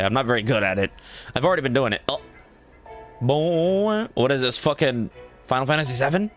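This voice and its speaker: A man streams a game and chats in a casual, wry way, often swearing. He reads the game's text aloud between his asides. Game music plays loudly behind him. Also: medium pitch, expressive, brisk.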